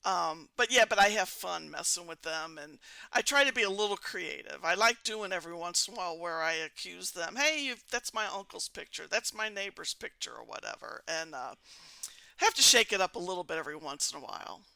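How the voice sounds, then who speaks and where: Amused female host from Missouri, casual chat, lively pitch, dry close sound. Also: fairly quick, gravelly, dry recording. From Missouri, United States. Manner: chatty, amused, lots of fillers like um. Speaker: podcast host baiting romance scammers. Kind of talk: casual commentary.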